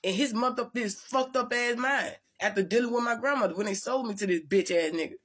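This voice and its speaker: A woman's voice: on the high side, fairly quick. A woman vlogger telling her story to viewers in a blunt, profane, rambling way with many restarts. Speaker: spiritual vlogger.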